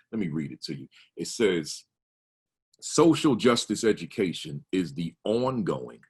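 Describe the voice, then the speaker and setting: A man's voice: sits low, slightly rough. A man speaking as a principal to a conference of educators, emphatic and repetitive, stressing single words and restarting his sentences. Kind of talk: conference talk. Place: home or office, virtual conference.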